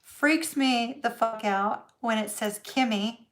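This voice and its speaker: A woman's voice: a little high, slow, fairly bright tone. A middle-aged woman, telling a story in a chatty livestream, laughing often and using lots of fillers. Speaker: tarot reader host.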